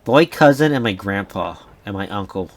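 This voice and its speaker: A man's voice: on the low side, lively intonation, normal speed. A young man chatting casually as a podcast co-host, rambling and going off on tangents, often restarting and swearing. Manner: rambling, sidetracked storytelling with frequent restarts and swearing. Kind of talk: casual chat.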